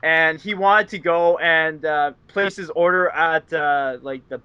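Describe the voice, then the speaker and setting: A man's voice: a little high, a little slow, sharp tone, clean tone, dry recording. A man, a guest casually telling rambling stories full of fillers. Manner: rambling, filler-heavy, laughs often. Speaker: interview guest. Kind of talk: casual storytelling chat. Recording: dull dry audio.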